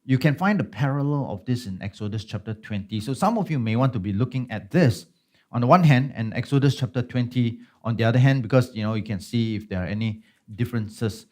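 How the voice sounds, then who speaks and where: A man's voice: mid-range voice, brisk, a little mellow. Conversational man teaching a Bible study. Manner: conversational, checks in with listeners with frequent tag questions.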